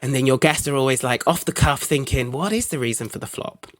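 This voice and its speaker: A man's voice: mid-range voice, a little fast, fairly bright tone. A man chatting as a podcast guest, gossipy and enthusiastic, joking as he talks. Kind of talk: casual podcast chat.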